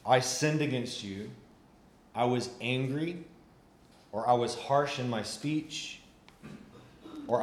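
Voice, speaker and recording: A man gives a conversational sermon in a middle-range voice, often restarting his sentences and leaning on casual filler words. The sound is roomy and echoey, with a faint hum of ambience underneath. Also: mid-range voice. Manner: conversational preaching with frequent restarts and "like". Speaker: pastor.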